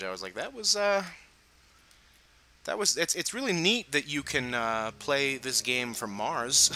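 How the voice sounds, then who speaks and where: A man's voice: medium pitch, sharp tone, poor audio. A young man giving casual gameplay commentary, chatty and laughing, with playful sarcastic asides.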